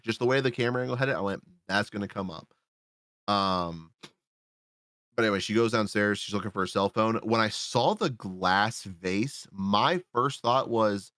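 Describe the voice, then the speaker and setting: A man's voice: lowish voice, a bit bright, no room sound, studio quality. A man casually recapping a movie on a podcast, rambling and swearing freely as he acts out his own reactions. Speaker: podcast co-host reviewing a film.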